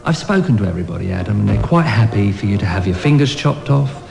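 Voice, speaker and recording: A breezy, matter-of-fact asylum doctor who delivers blunt news lightly. His voice is on the low side. The sound is echoey, with music playing behind. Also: expressive, quick pace, vocal fry.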